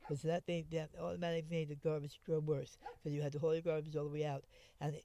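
A woman's voice: low-pitched, little pitch movement, fast talker, dark tone. A woman who once lived in a homeless camp, telling her story in a rambling way with many restarts. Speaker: interviewee, former homeless camp resident. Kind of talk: conversational storytelling.

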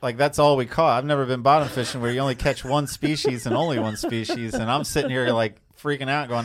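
A man with a medium-pitched voice hosts a casual podcast, joking and keeping the chat moving. His voice sounds close and dry, with no room echo. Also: brisk, few pauses. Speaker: podcast host.

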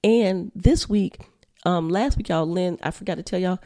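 A woman's voice: fairly low pitch, moderate pace, mellow. A young woman co-hosting a podcast, chatting casually and loosely, with frequent cursing. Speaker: podcast co-host. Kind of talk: casual chat. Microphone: headphones on.

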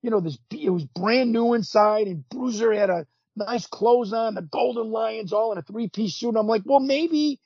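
A husky, high-pitched man in his fifties tells stories as a podcast guest. He is animated, acts out what people said and keeps restarting his sentences. The recording is dry and dull, lo-fi. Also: moderate pace, few pauses, dry recording. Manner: animated storyteller, acts out quotes, frequent restarts. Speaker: podcast guest, former pro wrestler. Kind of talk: casual storytelling interview. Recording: dull lo-fi sound.

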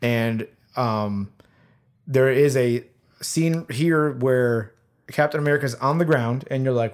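A man in a loose podcast chat, excitedly walking his friends through a film scene by scene. He swears freely and jumps into loud, acted-out reactions as he retells it. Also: mid-range voice, slow, smooth. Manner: animated storyteller, swears freely, acts out movie moments. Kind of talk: casual movie recap chat.

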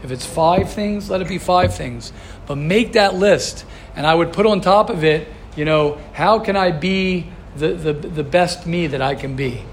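A man with a high voice gives an earnest class to his students. He coaches them by firing the same question again and again. Faint noise hums behind him. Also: a little slow. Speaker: rabbi teaching a class. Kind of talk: Torah class talk.

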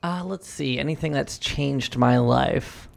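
A man's voice: medium pitch, measured pace, gravelly. A man co-hosting a podcast, joking and needling the others, with frequent laughter. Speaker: podcast co-host. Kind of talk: casual banter among co-hosts.

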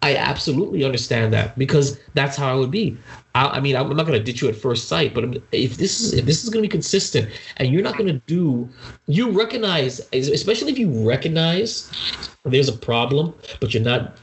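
A man's voice: mid-range voice, fairly quick, creaky, slight background noise. Man telling a story with restarts. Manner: animated storytelling, frequent restarts. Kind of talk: casual chat.

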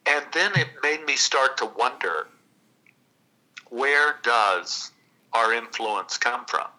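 Man from Texas, guest storyteller, very bright sharp voice, unhurried and reflective. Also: mid-range voice, animated, low-quality recording. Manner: unhurried, reflective, with long pauses.

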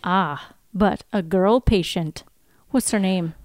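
A woman's voice: fairly low pitch, slow, darkish tone, no echo, clean studio sound. A woman reading a TV scene, voicing a brash, teasing Scottish male runner with a put-on Scottish accent. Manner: playful, teasing, calls people brother. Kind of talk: read-through of a TV scene.

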